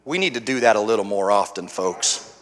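A middle-aged man, a guest pastor, telling his testimony in a folksy sermon, restarting phrases and swinging from hushed to loud. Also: fairly low pitch, expressive, brisk. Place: church sanctuary. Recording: long reverb of a church hall.

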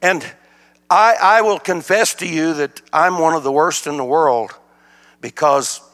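A man's voice: a little high, measured pace. An older man, preaching a sermon as a guest speaker, telling folksy stories. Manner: folksy storytelling, animated. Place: church sanctuary. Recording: church hall reverb.

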